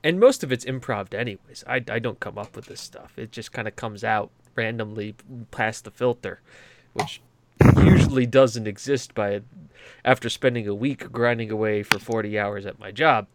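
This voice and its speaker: A man's voice: on the low side, normal speed, slight background noise. Rambling New England man on a podcast. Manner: rambling, profane, stammering restarts. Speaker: podcast host. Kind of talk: casual chat.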